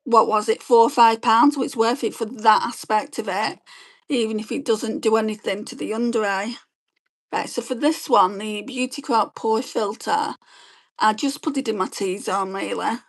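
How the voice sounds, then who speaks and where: A woman, chatting quickly and rambling as she does her makeup and reads viewer comments on a beauty livestream. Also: a little high, vocal fry. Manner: fast-talking, chatty, rambling. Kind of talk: casual chat while doing makeup and reading live comments.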